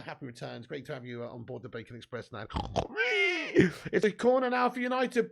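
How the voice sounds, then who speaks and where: Young bloke doing a live footy watch-along, high voice, super gravelly, swears a lot and keeps laughing with chat. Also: male voice. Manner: swears a lot and laughs often, banters with viewers; gets excited at chances and goals. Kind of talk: live football commentary and chat reading viewer comments.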